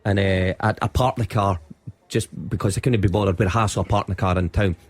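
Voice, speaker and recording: A man's voice: on the low side, steady tone, quick pace, slightly rough. A Scottish man, a football pundit, telling a funny story on a radio show and laughing as he goes. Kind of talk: animated anecdote on sports radio. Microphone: studio microphone.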